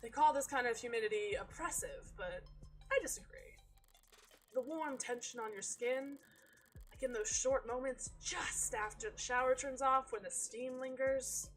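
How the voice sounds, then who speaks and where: Casting: woman reading as a composed female serial killer narrator, calm, wry, a little high in pitch. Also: soft background music, close to an everyday voice, rough recording. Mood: musing. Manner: calm, measured, wry and unbothered. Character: cool self-assured woman, a secret serial killer narrator. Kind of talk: reading a visual novel's narration aloud.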